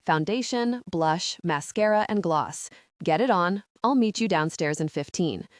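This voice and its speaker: A woman's voice: fairly low pitch, expressive, measured pace, no room sound, clean studio sound. A woman voicing a loyal, blunt female coworker with a Southern US accent in an audiobook. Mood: teasing.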